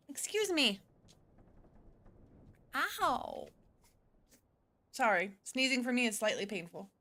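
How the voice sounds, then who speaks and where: A woman's voice: a little high, big pitch swings, slow pace, pauses often, pushed and bright. A woman streaming a visual novel, reading its lines aloud and chatting between them. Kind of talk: casual game stream, reading dialogue with character voices.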